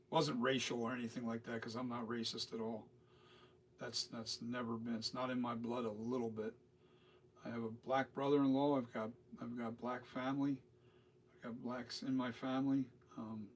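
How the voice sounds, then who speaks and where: A man's voice: mid-range voice, husky. A middle-aged man talking casually and loosely, swearing and repeating himself as he rambles. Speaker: host. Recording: distant mic with faint noise.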